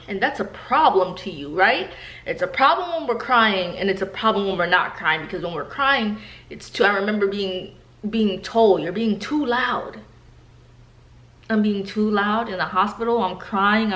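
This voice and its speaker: A woman's voice: medium pitch, moderate pace, pushed and bright. A woman in her thirties from New York, telling personal stories to camera in a candid, chatty way and often speaking straight to her viewers. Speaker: vlogger. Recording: echoey room.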